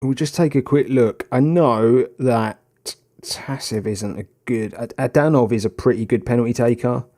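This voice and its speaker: Young guy narrating his football game, warm tone, gets loud at goals. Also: mid-range voice, moderate pace. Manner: excitable, shouting at goals, then muttering through tactics. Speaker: gaming video host. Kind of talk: casual gameplay commentary.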